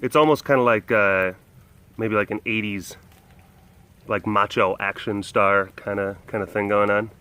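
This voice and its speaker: A man's voice: fairly low pitch, fairly even intonation, measured pace, sharp tone, clean tone. A man hosting a casual vlog from an outdoor big cat compound, rambling and joking at his own expense. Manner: jokey, self-mocking, chuckling. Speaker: webcast host.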